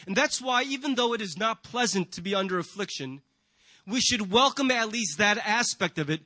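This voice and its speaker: A man's voice: high-pitched, animated, normal speed, bright, forceful tone, dry recording. A man preaching a sermon to a congregation in a church, earnest and emphatic, often asking rhetorical questions. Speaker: pastor.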